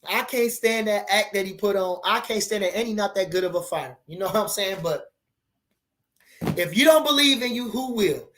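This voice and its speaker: Animated man hosting a casual boxing stream. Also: high voice, normal speed. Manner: animated, slangy, repeats phrases, laughs often. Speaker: boxing channel host. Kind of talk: casual livestream chat reading viewer comments.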